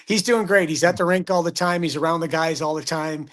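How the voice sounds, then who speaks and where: A man's voice: a little high, brisk. A middle-aged man, a hockey broadcaster telling stories in casual sports chat and acting out the quotes. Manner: animated storyteller, acts out quotes.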